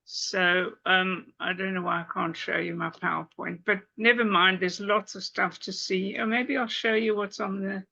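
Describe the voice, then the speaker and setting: A woman hosts an online meeting in a chatty way, thinking aloud as she tries to share her screen. Her voice is gravelly with a bright edge, and the dry call audio sounds dull. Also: medium pitch, fairly even intonation, normal speed, hardly any pauses, no echo. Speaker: host. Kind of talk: casual meeting hosting. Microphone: video call.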